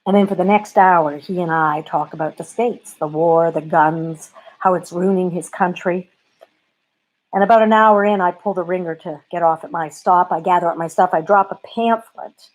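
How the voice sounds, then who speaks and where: A comic storyteller from Canada, telling a bedtime story in a wry, conversational, self-deprecating way. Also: female voice, on the low side, fairly even intonation, moderate pace.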